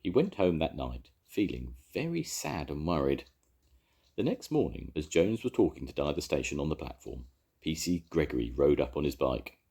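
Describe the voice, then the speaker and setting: An older man reading a children's story aloud with expressive delivery. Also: extremely low pitch, normal speed, gravelly, husky.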